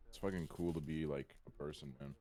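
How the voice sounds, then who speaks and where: Deep, fast-talking young man, dry and offhand. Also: steady tone, mellow. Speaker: streamer guest. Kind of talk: casual chat.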